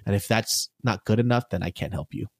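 A man's voice: lowish voice, a little fast, no room sound, clean studio sound. A man hosting a podcast, talking bluntly and casually with lots of swearing. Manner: blunt, profane and animated. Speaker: podcast host.

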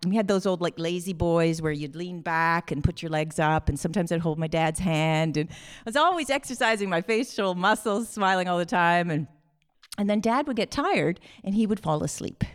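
A middle-aged woman, telling a personal story on stage, animated and acting out voices, restarting sentences as she goes. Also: lowish voice, normal speed.

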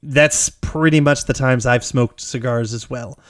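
A man's voice: medium pitch, steady tone, measured pace, no echo, clean studio sound. A man co-hosting a podcast, recapping a film in casual, rambling chat, swearing freely and laughing often. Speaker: podcast co-host.

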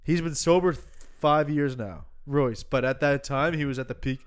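A man's voice: medium pitch, moderate pace, clear, resonant tone. A young man co-hosting a podcast, rambling through stories in a loose, laughing, swearing way, a little drunk. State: tipsy. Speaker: podcast co-host. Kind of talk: casual chat, storytelling.

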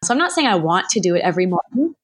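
A woman's voice: lowish voice, big pitch swings, rapid-fire, slightly rough. A woman talks as a guest on a podcast. Her delivery is earnest and candid, and she reflects carefully as she speaks.

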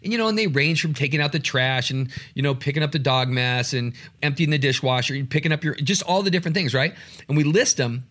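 A man co-hosting a podcast with his wife, telling family stories in a relaxed, easygoing way. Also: on the high side, quick pace. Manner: relaxed storytelling with fillers. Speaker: podcast co-host. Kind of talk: casual chat with wife.

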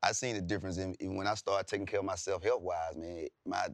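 A man's voice: sits low, fairly even intonation, fast, no room sound, clean studio sound. A man, a comedian guest, talking plainly and preaching straight talk in a casual panel chat.

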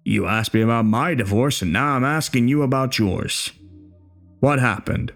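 A man's voice: medium pitch, normal speed, creaky, fairly bright tone, soft background music. A man playing a bitter, crude older war veteran in a horror story, speaking in a coarse, taunting way.

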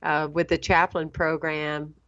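A middle-aged woman, a minister hosting an interview, earnest and animated, talking in bursts. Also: deep voice, a little slow, muffled recording. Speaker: host, minister. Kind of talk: interview host chat.

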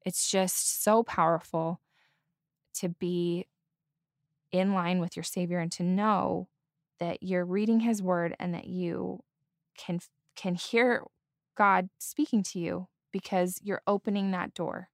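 A woman's voice: lowish voice, fairly even intonation, slow, no echo. A woman podcast co-host sharing a heartfelt testimony, earnest and close to tears. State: holding back tears. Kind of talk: casual testimony chat.

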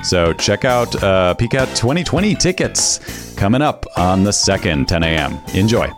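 A man's voice: on the low side, big pitch swings, moderate pace, music in the background. A man hosting a podcast, plugging live shows and chatting casually, laughing easily. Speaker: podcast host. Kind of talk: casual podcast chat and show plugs.

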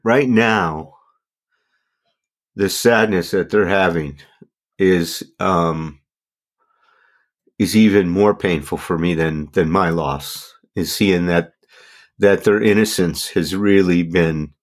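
A man's voice: sits low, slow pace, pauses often. A middle-aged man talking as a podcast guest, earnest and reflective, often restarting his sentences. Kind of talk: candid personal conversation.

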